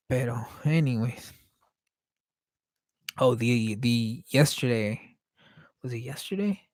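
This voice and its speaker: A man whose first language is Spanish thinks out loud in a loose, casual monologue. He hesitates a lot and searches for words, and he swears in an offhand way. His voice sounds close and dry, with no room around it. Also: medium pitch, animated, takes it slowly, long pauses, dry recording. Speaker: podcast host painting live.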